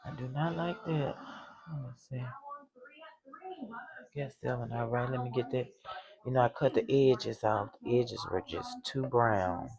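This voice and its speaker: A woman's voice: very deep voice, fairly even intonation, unhurried, gravelly, long pauses, crowd noise, poor audio. A middle-aged woman, chatting casually to viewers from her home kitchen, exclaiming and laughing often. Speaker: cooking vlogger.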